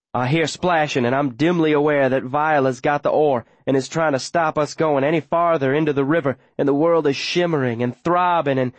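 A man's voice: fairly high pitch, no echo. A man narrating an audiobook in the first person, with urgent, breathless, run-on telling.

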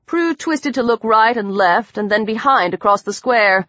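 A woman with a slightly high voice narrates a horror audiobook with urgent intensity. The recording is close and dry. Its sound is somewhat dull. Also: lively intonation, normal speed, hardly any pauses, a bit bright, no room sound.

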